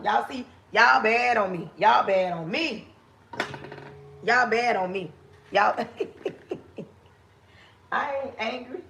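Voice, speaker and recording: A woman talks straight to her viewers on a phone livestream, preachy and animated. Her voice sits high and carries a gravelly edge. The tone is bright and pointed. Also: slight background noise. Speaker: livestream host. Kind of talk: casual livestream talk. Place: home kitchen.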